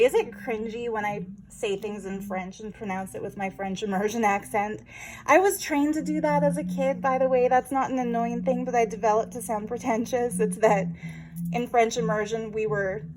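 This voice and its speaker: A woman chatting casually through a craft journal flip-through, with playful self-aware asides. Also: medium pitch. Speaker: junk journal crafter showing her work. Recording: noticeable background noise.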